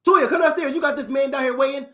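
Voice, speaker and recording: A man's voice: high-pitched, lively intonation, fast talker, fairly bright tone. A man voicing a nosy streetwise father who bluntly questions his daughter's date and swears through it. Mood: pushy. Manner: blunt, suspicious, profane questioning.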